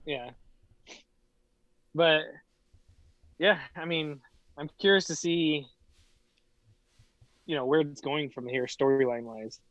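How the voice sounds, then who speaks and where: A man's voice: fairly high pitch, fairly even intonation, slow, pauses often, fairly bright tone, no room sound. A man co-hosting a casual podcast, easygoing, laughing often and leaning on fillers. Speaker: podcast co-host. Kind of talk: casual chat. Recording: dull, lo-fi mic.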